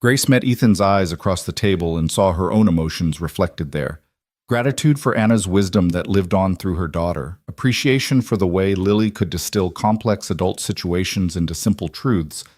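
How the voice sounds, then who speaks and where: Male narrator, scripted story, low pitch, dry close sound. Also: lively intonation, moderate pace, a little mellow, dry recording.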